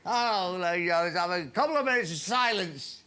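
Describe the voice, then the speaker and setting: A man's voice: sits high, animated, normal speed, heavy background noise, voice pushed up. A man acting out a tearful, grieving male club secretary in an overwrought, quavering announcement. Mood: grief-stricken.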